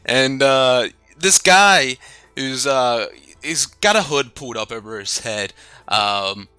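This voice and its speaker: A man's voice: medium pitch, lively intonation, slow, bright, forceful tone, clear, resonant tone, no room sound. A man narrating as game master of a tabletop game in a casual, rambling way. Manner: casual, filler-heavy narration.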